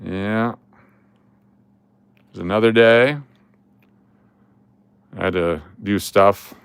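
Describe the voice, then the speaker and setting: A middle-aged man chats through a casual vlog in a smooth, fairly low voice. He rambles, restarts and jokes as he goes. The sound is close and dry with no room in it. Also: fairly even intonation, slow pace, no room sound. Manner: rambling and joking, with chuckles and trailing restarts. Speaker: coin collecting channel host. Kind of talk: casual vlog chat while scrolling through photos.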